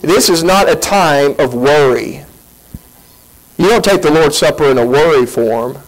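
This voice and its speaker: A man preaching a sermon as pastor, animated, asking rhetorical questions and leaping in pitch. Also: unhurried, low-quality recording.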